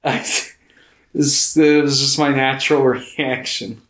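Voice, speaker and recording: A man's voice: mid-range voice, slow. Easygoing man co-hosting a film chat. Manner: relaxed, agreeable, retells scenes with fillers. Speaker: podcast co-host. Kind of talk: casual film podcast chat. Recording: echoey room.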